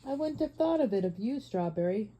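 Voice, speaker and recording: A woman's voice: mid-range voice, animated, brisk, dark tone, close to an everyday voice, low-quality recording. Woman doing a blunt cabby. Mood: indignant. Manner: blunt, dialect-heavy and emphatic. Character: rough working-class London cab driver, blunt, older man.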